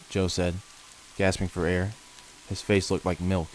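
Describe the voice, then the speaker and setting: Deep-voiced man narrating horror stories. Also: level tone, unhurried, darkish tone, a little hiss or hum, low-quality recording. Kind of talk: scripted narration. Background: faint rain.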